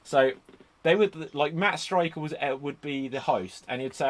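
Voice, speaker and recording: A man's voice: on the high side, moderate pace. A man hosting a casual chat, rambling into enthusiastic tangents, speaking into a computer microphone on a remote call. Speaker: podcast host.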